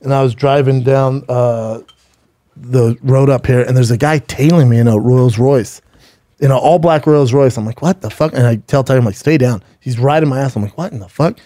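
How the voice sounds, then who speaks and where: A man's voice: medium pitch, fairly even intonation, normal speed, dark tone. A middle-aged man co-hosting a podcast, chatting casually and telling blunt, profane stories. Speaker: podcast co-host. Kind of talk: casual chat.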